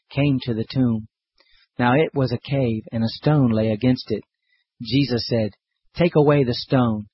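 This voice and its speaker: A man reads scripture in a steady, measured way, his voice husky and a little breathy. The recording is dry and close, with a slightly dull, muffled top end. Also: mid-range voice, dry recording. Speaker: scripture reader. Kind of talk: scripted Bible reading.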